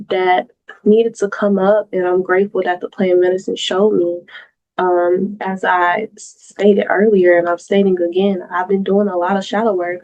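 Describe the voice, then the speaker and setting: A woman's voice: medium pitch, mellow. Woman, podcast host, earnest, reflective, repeats herself for emphasis, talking into a mic, muffled recording. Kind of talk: personal solo podcast monologue. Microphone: talking into a mic on camera.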